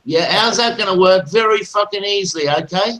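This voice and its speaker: A man's voice: sits high, brisk, a bit bright, rough recording. A man in a heated online voice chat, taunting aggressively and swearing constantly. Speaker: voice chat participant.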